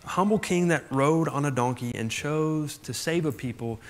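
A man preaching from the pulpit in an earnest voice, pressing home his points with phrase after repeated phrase. His voice sits a touch high for a man. A long reverb trails behind him, as in a big church sanctuary. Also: moderate pace. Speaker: pastor. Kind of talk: sermon.

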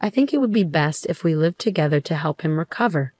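A woman reading the lines of a calm, firm young husband who stands up for his wife in a storybook tale. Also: low voice, quick pace.

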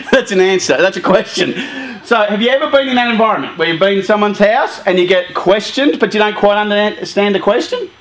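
A middle-aged man giving a casual, animated talk to a youth group, laughing often and acting out quoted lines. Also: high voice, normal speed, poor audio.

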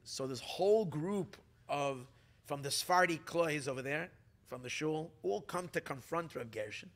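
A man, a rabbi, telling a story to a gathering in an animated way, restarting often and mixing in Hebrew and Yiddish terms. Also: a little high, moderate pace.

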